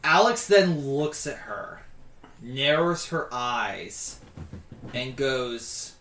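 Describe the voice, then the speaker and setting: A man's voice: lively intonation, extremely slow, far from the mic, a little hiss or hum. Laughing male game master, echoey room. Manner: laughs often, voices NPCs in lower, quieter tones. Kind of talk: narrating a tabletop game.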